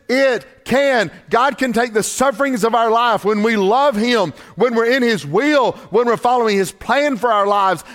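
A middle-aged man preaching a sermon as pastor, with emphatic delivery that climbs high on key points and then drops low and quiet.

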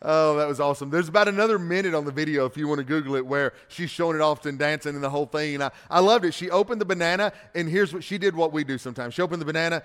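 A man, a pastor, preaching a sermon. He swings between loud emphatic passages and quiet conversational asides, and repeats words when he restarts a phrase. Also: fairly high pitch, very fast, hardly any pauses, long reverb tail, slight background noise.

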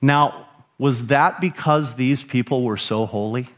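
A man's voice: mid-range voice, measured pace. A middle-aged man preaching a sermon as pastor, emphatic, with rhetorical questions and rising emphasis on key phrases.

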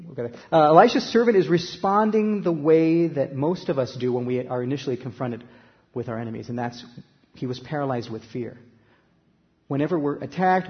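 A man preaching a sermon in a conversational way, growing louder when he reads scripture aloud. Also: mid-range voice, in a large hall, muffled recording. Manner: conversational preaching, rising loud for scripture quotes. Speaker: pastor.

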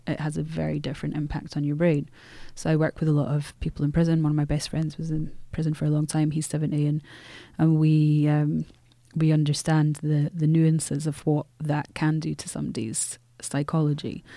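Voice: mid-range voice, warm tone, no room sound. An author speaking earnestly in an interview, often restarting phrases and using fillers. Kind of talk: reflective interview talk.

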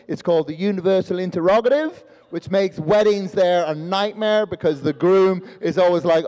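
Performing stand-up before a live audience, a comedian born in Australia and raised in Northern Ireland speaks with a mixed Northern Irish and London accent, swearing freely and acting out voices. His voice is high with a darkish tone, and he talks a little fast with few pauses, sounding as if he's in a large hall.

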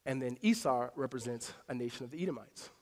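A man preaching a sermon to a congregation, telling stories with swings between hushed and emphatic delivery. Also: mid-range voice, fast talker. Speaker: pastor. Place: church hall before a congregation.

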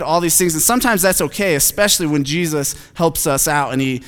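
A man's voice: a little high, fast talker, few pauses, fairly bright tone, clean tone. Chatty pastor man in a reverberant hall. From Phoenix, United States. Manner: conversational, self-deprecating, frequent fillers. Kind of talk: sermon.

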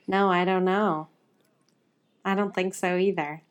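A woman's voice: on the low side, steady tone, measured pace, muffled recording. A young woman with a light Midwestern accent, co-hosting a podcast in casual, rambling chat. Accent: Midwestern American. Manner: chatty, rambling, says like a lot. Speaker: podcast co-host.

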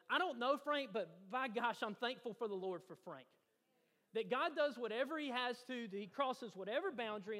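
A male pastor, his voice sitting high and carrying, preaches to his congregation. He tells a personal story and builds to eager emphasis. The long reverb of a church hall trails after every phrase. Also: a bit bright. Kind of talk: sermon. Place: church sanctuary.

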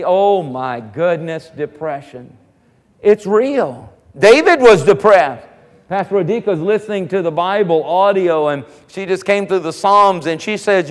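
A man preaching a sermon as pastor, slowing down and rising in force when quoting scripture. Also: high-pitched. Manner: preaching, slows and rises on scripture quotes. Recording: long reverb of a large hall.

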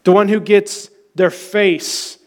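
A man preaching a sermon as pastor, passionate and emphatic, dropping soft at times. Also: high-pitched, fairly even intonation, takes it slowly.

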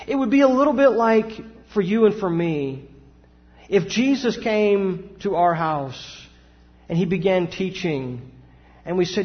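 Man, pastor, sermon, high voice, long hall echo. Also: animated, a little slow. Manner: preaching with rising emphatic outbursts and rhetorical questions. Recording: dull sound with long hall reverb.

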